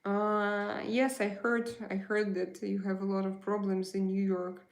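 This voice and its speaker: A woman's voice: mid-range voice, flat delivery, unhurried, reverberant. A woman hosting a casual livestream, chatting with viewers and answering their comments, thinking aloud with fillers and repeated words. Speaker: livestream host.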